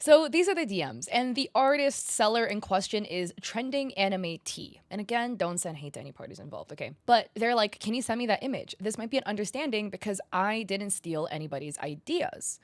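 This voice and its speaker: A woman talking straight to her viewers in an animated, sarcastic way, and her exasperation comes through as she reads messages out. Her pitch sits in an ordinary middle range. The recording is dry and close, with no room sound. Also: fast, hardly any pauses, no echo. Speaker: commentary YouTuber. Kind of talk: casual commentary reading messages aloud.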